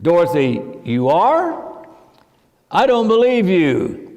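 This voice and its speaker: A man's voice: sits high, wildly swooping pitch, slow pace, darkish tone, in a large hall, exaggerated voice. A man reading aloud the lines of an indignant young girl.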